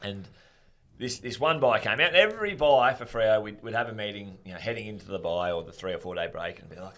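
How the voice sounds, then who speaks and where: An Australian man, a former pro footballer, telling animated stories with frequent laughter as a podcast guest. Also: on the low side, fast talker. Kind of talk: casual podcast storytelling.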